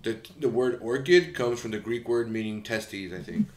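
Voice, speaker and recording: A man's voice: medium pitch, animated, normal speed, background noise. A young man co-hosting a podcast, trading offbeat trivia and dirty jokes in crude banter. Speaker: podcast co-host. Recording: roomy echo.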